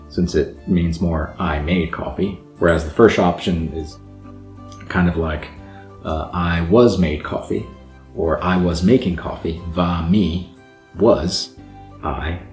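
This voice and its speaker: A man hosting a language channel who explains grammar casually and sounds out example words slowly. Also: low-pitched, darkish tone. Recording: echoey room with faint background music.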